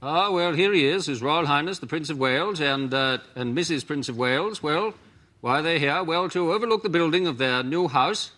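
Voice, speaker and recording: A man's voice: on the high side, animated, moderate pace. Man riffing wry mock commentary. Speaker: panelist. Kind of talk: comic voice-over of news footage. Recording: loud noise behind.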